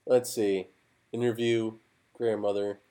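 A man's voice: on the low side, level tone, takes it slowly, mellow. Easygoing young man, casual chat.

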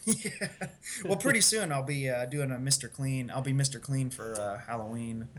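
Male co-host, mid-pitched, hesitant, joking at his own expense; faint background noise. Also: normal speed, a bit bright. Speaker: podcast co-host. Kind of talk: casual chat.

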